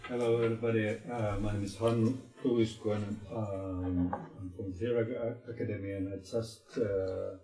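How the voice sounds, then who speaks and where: A man who recently finished his doctorate, introducing himself in a halting way with pauses. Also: on the low side, flat delivery, over music. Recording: echoey room.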